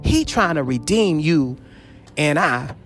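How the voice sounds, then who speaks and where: Man, preacher, sermon, fervent, repeats phrases, frequent hallelujahs, fairly high voice, faint music behind. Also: expressive, slow. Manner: swings between loud calls and low murmurs. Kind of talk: sermon on scripture.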